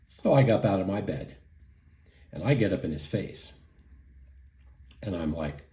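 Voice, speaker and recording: A man's voice: sits low, expressive, a little slow, pauses often, dark tone. A middle-aged man telling a story in a casual vlog, indignant and profane, rambling with lots of fillers. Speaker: vlogger. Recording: echoey room.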